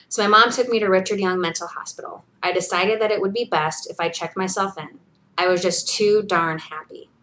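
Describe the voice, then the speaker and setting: A woman's voice: fairly low pitch, a bit bright, slight background noise. Earnest woman sharing her story. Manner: earnest and encouraging, with many fillers. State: briefly emotional, near tears. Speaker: vlogger. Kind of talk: personal video diary, reading from a journal.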